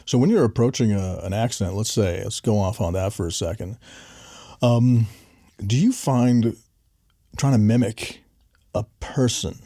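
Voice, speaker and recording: A man's voice: fairly low pitch, a little slow, long pauses, mellow, no echo, studio quality. A man hosting a casual interview, chatty and joking as he asks loose questions. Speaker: interview host.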